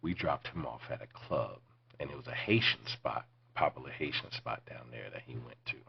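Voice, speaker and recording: A man's voice: rumbling low, lively intonation, moderate pace, gravelly, slightly rough, highs cut off. A man in his forties hosting a podcast, telling casual, profane stories in a laid-back way and sometimes dropping to near-whispers. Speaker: podcast host. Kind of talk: casual storytelling.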